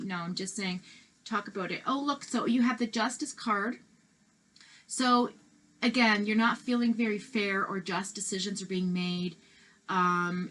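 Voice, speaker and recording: A woman's voice: medium pitch, fairly bright tone, slight background noise, rough recording. A woman reading tarot cards in a casual, chatty and reassuring way, with many fillers and restarts. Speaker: tarot reader.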